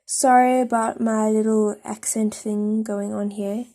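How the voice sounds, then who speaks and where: A woman from South Africa talking through a drawing tutorial on her phone, soft-spoken and a little hesitant, with chatty asides. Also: fairly high pitch, little pitch movement, a little slow. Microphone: phone camera.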